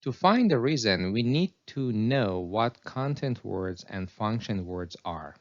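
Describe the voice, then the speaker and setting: Slow, low-voiced man teaching pronunciation. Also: expressive, lo-fi sound. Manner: reads example sentences slowly and deliberately. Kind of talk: slow scripted lesson narration.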